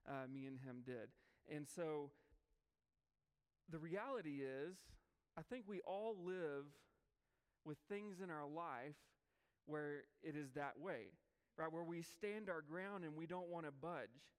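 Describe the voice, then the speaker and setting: Pastor, young, folksy storyteller, fairly high smooth voice, reverberant sanctuary. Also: male voice, animated, slow pace. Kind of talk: sermon. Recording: long hall reverb.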